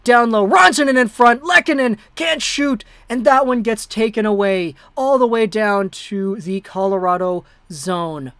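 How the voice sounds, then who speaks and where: An excitable amateur streamer calls a hockey game play by play in a breathless rush, at a measured pace with hardly any pauses. His voice is middle-pitched, clear and resonant, recorded close and dry with no room sound or echo.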